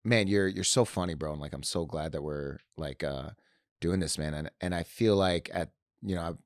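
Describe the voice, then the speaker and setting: A man's voice: low-pitched, normal speed, no room sound, clean studio sound. A man co-hosting a comedy podcast in casual chat, calling his friend bro and slipping into silly voices. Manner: says bro a lot, acts out silly voices in bits. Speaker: podcast co-host.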